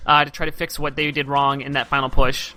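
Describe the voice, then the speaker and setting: A man doing live esports commentary as caster, giving fast analytical play-by-play while slightly losing his voice. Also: mid-range voice, little pitch movement, pushed and bright.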